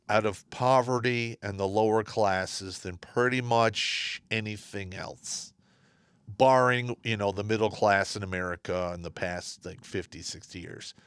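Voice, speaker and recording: Male stream co-host, lower voice, blunt and plainspoken; dry close mic. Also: fairly bright tone, clear, resonant tone, no echo. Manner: blunt, matter-of-fact opinions. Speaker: livestream co-host. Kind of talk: casual livestream chat.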